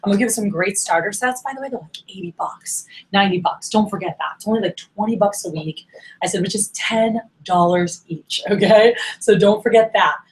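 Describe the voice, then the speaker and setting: A young woman leading a sales training workshop, talking fast and acting out little exchanges with her reps. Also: mid-range voice, rough recording. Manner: animated, acts out quoted dialogue.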